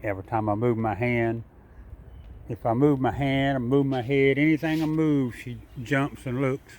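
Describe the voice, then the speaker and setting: A man's voice: mid-range voice, steady tone, moderate pace, a little mellow. Older man, casual drawl, backyard vlog, talks to animals and camera. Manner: drawling, chuckling, rambling, talks sweetly to the squirrel. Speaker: backyard vlogger feeding squirrels. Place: outdoors in a backyard.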